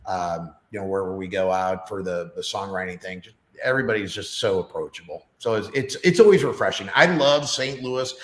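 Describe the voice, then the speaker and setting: Podcast guest: middle-aged man, low voice, chatty and rambling, room echo. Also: fairly quick, few pauses. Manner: rambling, chatty, many fillers. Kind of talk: casual chat. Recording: roomy echo.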